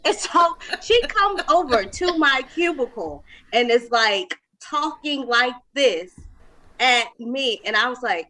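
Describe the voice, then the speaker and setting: A woman hosting a casual video-call chat, telling a story in an animated way and laughing as she goes. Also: high-pitched, slow. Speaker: podcast host.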